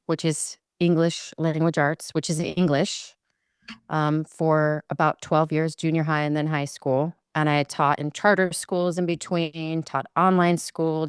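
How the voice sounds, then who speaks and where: A woman's voice: sits low, smooth, no echo, studio quality. A middle-aged woman from the United States, a podcast guest chatting playfully and mocking herself. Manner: playful, laughs often, self-mocking. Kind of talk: casual podcast chat.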